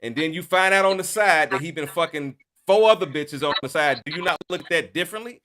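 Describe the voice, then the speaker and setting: A man's voice: a little high, quick pace, a crowd in the background. A man hosting a podcast discussion, talking over others and pushing to be heard. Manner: interrupting, loud, urging calm. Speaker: podcast host. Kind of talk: heated casual debate.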